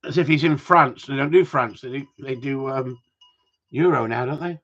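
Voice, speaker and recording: A man's voice: medium pitch, normal speed, fairly bright tone. A man chatting and joking on a livestream, rambling and swearing as he talks to viewers. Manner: rambling, swears, jokey banter. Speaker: livestream host. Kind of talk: casual chat to a live audience. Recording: dull lo-fi sound.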